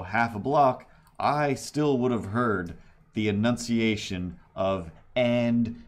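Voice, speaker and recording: A man livestreaming while he draws, telling a story in a rambling way with restarts and laughs. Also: on the low side. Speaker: livestreaming artist. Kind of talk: casual livestream chat while drawing.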